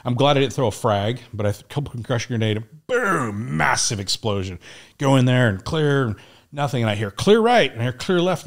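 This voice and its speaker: A middle-aged man, a military veteran from the United States, telling combat stories in a casual, profane way and often breaking into laughter. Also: mid-range voice. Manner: animated, profane war storytelling, laughing often. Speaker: guest, Navy SEAL veteran. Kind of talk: casual storytelling.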